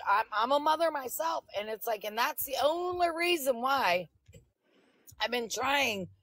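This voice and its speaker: A woman's voice: on the high side, no room sound, poor audio. A woman on a live stream confronting someone, scolding and insistent, repeating her points.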